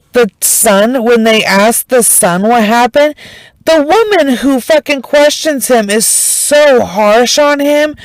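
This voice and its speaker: A woman's voice: on the high side, dry recording, poor audio. A woman telling a true crime story in a casual, emotional way, swearing freely and speaking with heavy emphasis.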